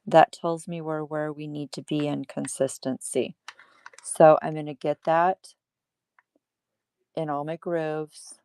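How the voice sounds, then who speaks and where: A woman's voice: low-pitched, steady tone, slow, long pauses, a little mellow, smooth, no echo. A woman hosting a casual livestream craft demo at her table, chatty and laughing at herself.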